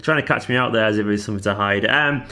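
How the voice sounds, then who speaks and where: A man in his thirties with a Manchester accent, chatting casually as he answers viewers' questions on his football fan vlog, animated and bantering. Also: lowish voice, fast. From Manchester, England.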